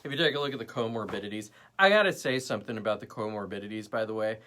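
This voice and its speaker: A man's voice: fairly low pitch, rapid-fire, pushed and bright. A young man hosting his own show, ranting sarcastically about politics and the news in a casual way. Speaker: host.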